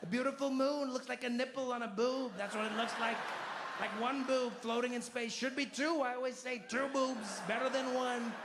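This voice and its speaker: A man's voice: very high voice, fairly even intonation, moderate pace, echoey room, pitched above the performer's own voice. A comedian doing an impression of a boastful, rambling older male leader, drawling and repeating himself in a noisy live room. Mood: bragging. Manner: drawling, repetitive, bragging. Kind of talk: stand-up impression.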